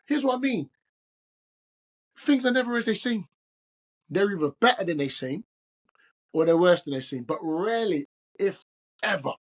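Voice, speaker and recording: A podcast host doing an amateur London accent as a father giving earnest, protective advice to his grown daughter. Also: high-pitched. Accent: put-on London English. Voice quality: amateur mock British accent. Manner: earnest, protective, street-slang phrasing. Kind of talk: imagined talk to his daughter.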